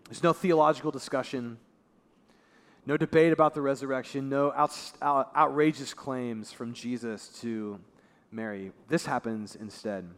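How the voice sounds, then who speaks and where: A male pastor giving a sermon in a conversational way, dropping his voice low and soft for emphasis. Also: normal speed. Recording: long reverb of a large hall.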